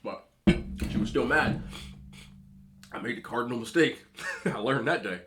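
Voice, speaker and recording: A man in his thirties eating on camera, giving emphatic, animated relationship advice to other men and telling stories in a casual chat. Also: mid-range voice, normal speed, faint music behind. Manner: storytelling with repeated disapproving hums. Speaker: mukbang vlogger.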